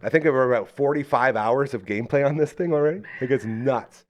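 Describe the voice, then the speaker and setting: A man's voice: medium pitch, quick pace, lo-fi sound. A man hosting a live local podcast, chatting casually and rambling through enthusiastic sponsor plugs. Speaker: podcast host.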